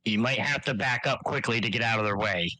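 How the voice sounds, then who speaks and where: A man's voice: mid-range voice, quick pace, no echo, rough recording. A man running a tabletop game, narrating casually with many fillers. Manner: relaxed, filler-heavy, improvising. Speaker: game master.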